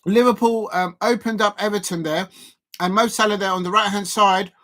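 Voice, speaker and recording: A man hosting a live football watch-along, commentating in a rambling way with many fillers and restarts, excitable at key moments. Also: high-pitched, normal speed.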